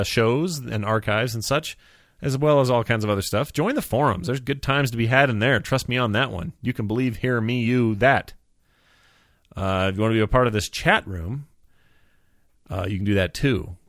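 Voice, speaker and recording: A man hosting a casual podcast, talking in an animated, jokey, rambling way with restarts. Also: on the low side, no room sound, studio quality. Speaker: podcast host.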